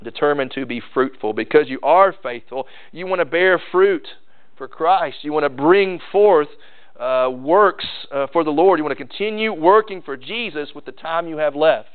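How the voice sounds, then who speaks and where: A man's voice: fairly high pitch, lively intonation, normal speed, clean tone. A male pastor preaching a sermon in a folksy, emphatic way, repeating key phrases. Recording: tinny phone-like sound.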